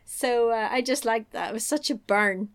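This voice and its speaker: A woman hosting a casual chat, recapping a story in an animated, joking way and laughing often. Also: fairly high pitch, moderate pace, clear, resonant tone.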